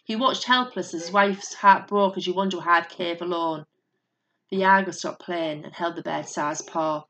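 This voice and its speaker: Low-voiced woman narrating a storybook. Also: normal speed, a bit bright, slight background noise.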